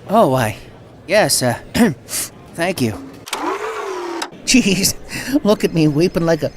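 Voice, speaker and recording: An actor with a Southern American accent playing a bombastic, folksy country music promoter who swings from ranting to sheepish. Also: male voice, a little high. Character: blustering Southern good-old-boy promoter, middle-aged man. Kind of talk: video game voice acting.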